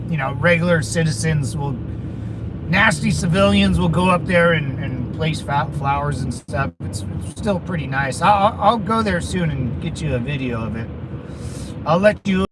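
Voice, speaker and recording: A man talks to his viewers while he drives, rambling, restarting his sentences and tossing out crude asides. His voice sits high for a man. Loud road and traffic noise fills the recording from inside the car. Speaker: channel host chatting with viewers. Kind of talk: casual livestream chat while driving. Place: inside a car, driving around town.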